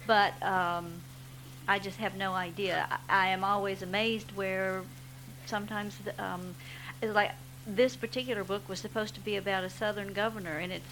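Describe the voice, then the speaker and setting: A woman's voice: mid-range voice, steady tone, normal speed, a bit bright, a little hiss or hum, rough recording. A woman novelist answering on a panel, hesitant with fillers but enthusiastic.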